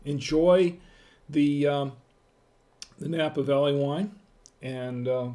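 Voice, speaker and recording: A man's voice: a little high, slow, dark tone. A middle-aged man hosting a casual live-stream wine tasting, chatting with viewers in the chat and greeting them by name.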